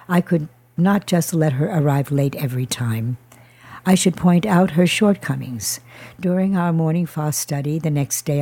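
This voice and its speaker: A woman narrates a first-person testimony from a script, with a careful, measured delivery. Her voice sits low and sounds warm and mellow.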